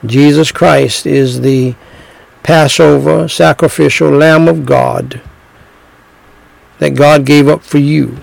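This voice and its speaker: A middle-aged man preaching a sermon, slow and emphatic, repeating phrases and telling stories. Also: a little high, steady tone, gravelly, no echo, rough recording.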